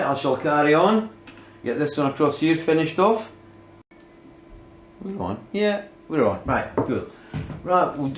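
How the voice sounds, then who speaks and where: A man's voice: on the high side, roomy sound, a little hiss or hum, rough recording. A man filming a casual woodworking demonstration, talking himself through each step and often muttering under his breath. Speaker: DIY woodworking vlogger.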